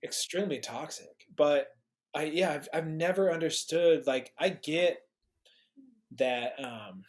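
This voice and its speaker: A man's voice: a little high, takes it slowly. A man who is a guest on a podcast, talking casually and thoughtfully, often starting his sentences over. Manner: thoughtful, hesitant, restarts sentences.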